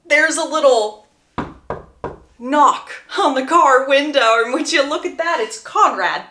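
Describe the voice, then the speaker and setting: Higher-voiced woman gushing through a recap. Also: unhurried, echoey room, slight background noise. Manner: animated, gushing storyteller who breaks off to give opinions. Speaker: book recap creator. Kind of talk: chatty book plot recap.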